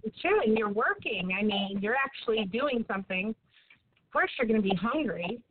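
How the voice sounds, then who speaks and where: A woman's voice: on the high side, animated, normal speed, slight background noise. A woman hosting an interview who responds to her guest in an encouraging way. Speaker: interview host. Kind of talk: interview chat. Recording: tinny phone-like line.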